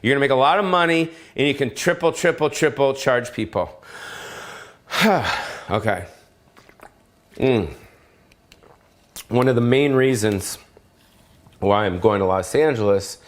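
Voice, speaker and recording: A middle-aged man, a comedian, delivering a brash, profane and rambling solo rant from his home. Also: mid-range voice. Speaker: comedian hosting his own show. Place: home in Las Vegas.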